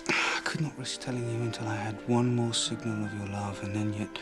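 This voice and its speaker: Played by an actor, an earnest young Victorian husband speaks softly in a level, steady voice. His pitch barely moves. A clear music score plays behind him. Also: a little fast, lightly acted. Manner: soft, even and earnest. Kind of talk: period TV drama acting.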